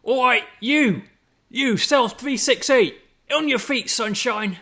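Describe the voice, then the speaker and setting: A man putting on a shouting prison guard barking orders at inmates. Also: very high voice, fairly even intonation, slow, voice pushed up, full character voice. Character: bellowing male prison guard.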